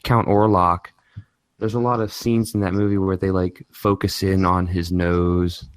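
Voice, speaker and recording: Low-voiced man, halting chat. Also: level tone, clear, resonant tone, no room sound. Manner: halting, full of fillers like "like" and "you know". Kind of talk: casual podcast chat.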